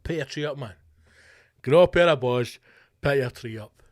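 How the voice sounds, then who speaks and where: A man's voice: medium pitch, normal speed, a little mellow. A Scottish man hosting a podcast, delivering a profane, ranting comic monologue with mock-rallying slogans. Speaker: podcast host.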